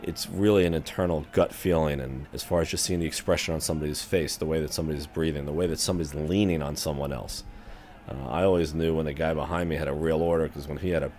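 Very deep-voiced fast-talking male trader. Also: steady tone, darkish tone. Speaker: floor trader. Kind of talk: documentary interview. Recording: faint trading-floor noise.

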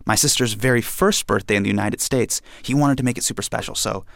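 A young man from India telling a personal story in a lively, animated way, acting out the quotes. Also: on the low side, fast talker, creaky, no room sound, studio quality.

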